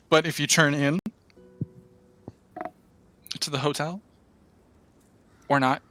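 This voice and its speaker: A man narrating a tabletop game as game master, halting with many fillers. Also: on the high side, a bit bright, a little hiss or hum.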